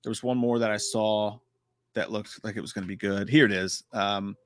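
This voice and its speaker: A man hosting a live stream, chatting casually and profanely about horror trailers with a joking, animated manner. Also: lowish voice, moderate pace, no room sound.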